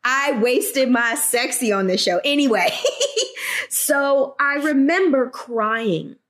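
A woman on a podcast telling animated, sassy stories and acting out the dialogue in them. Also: high-pitched, takes it slowly. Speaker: guest. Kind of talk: casual podcast conversation.

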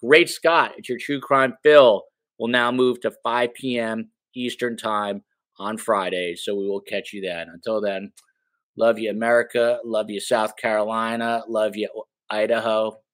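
A man's voice: on the low side, level tone, a little slow, fairly bright tone, no room sound. Upbeat man hosting a podcast. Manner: upbeat, chatty, hypes guests and audience. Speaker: podcast host. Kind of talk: casual interview hosting.

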